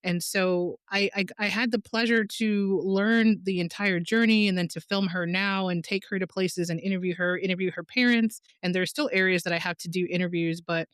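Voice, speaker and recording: A woman's voice: a little fast, hardly any pauses, clear, resonant tone, no room sound. A woman documentary filmmaker in a casual interview, telling stories animatedly and acting out quotes. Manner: animated storyteller, acts out quotes with big pitch jumps.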